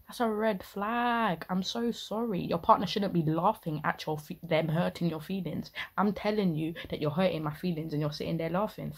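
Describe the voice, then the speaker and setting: A young woman fires off indignant, slang-heavy reaction commentary. Her voice sits a little low and sounds husky, and she talks in a casual, ranting rush. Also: steady tone, moderate pace, hardly any pauses. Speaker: reaction video host.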